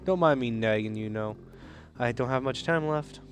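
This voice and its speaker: A man voicing a frail elderly woman prisoner who talks softly and regretfully in a game. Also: medium pitch, normal speed, lightly acted. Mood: gentle. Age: older.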